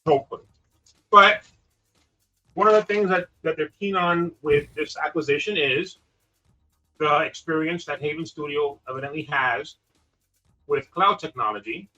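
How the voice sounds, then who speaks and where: A man co-hosting a casual gaming podcast, wry and joking, his volume swinging between loud and soft. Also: fairly high pitch, moderate pace, long pauses. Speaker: podcast co-host, gaming specialist. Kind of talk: casual chat. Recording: dull lo-fi sound with faint music.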